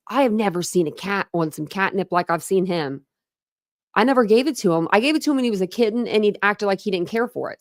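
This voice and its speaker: A woman's voice: mid-range voice, dry recording. Woman, livestream host, casual rambling chat, laughs often, mid-range voice, dry close sound. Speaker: true crime livestream host.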